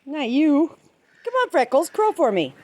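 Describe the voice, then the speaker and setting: Woman wandering her chicken yard with a phone, high voice swooping all over, takes her time talking to the birds. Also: very animated, a little slow, a little mellow, slight background noise. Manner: chatty, coos at the birds in a sing-song voice. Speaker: backyard poultry keeper filming her flock. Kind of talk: casual vlog, talking to her animals. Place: outdoor farmyard with pens in the rain.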